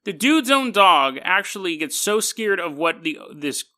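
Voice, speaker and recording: A man's voice: high-pitched, very animated, a little slow, sharp tone. A man hosting a podcast, telling a story in a casual monologue with wry, skeptical asides and frequent laughter. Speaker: podcast host.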